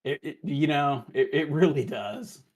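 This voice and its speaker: A man narrating as game master for a tabletop game, halting and restarting often as he describes the action. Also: fairly high pitch, darkish tone. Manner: halting, with many restarts and fillers.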